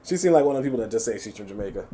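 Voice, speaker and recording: Speaking very fast in a mid-range voice, this man runs a live reaction stream over slight background noise. Animated and mocking, he reads out chat comments, swears freely, and laughs a lot as he goes.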